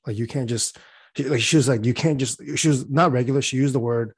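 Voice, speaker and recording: A man's voice: mid-range voice, brisk, breathy edge, no echo. A young man talking in a loose, rambling way, full of fillers, laughing as he tells stories. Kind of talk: casual chat.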